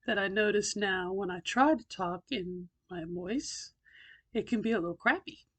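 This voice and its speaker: A middle-aged woman talking in a casual video diary, thinking aloud with many pauses and a slightly tight throat. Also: medium pitch, fairly bright tone. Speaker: vlogger doing voice training.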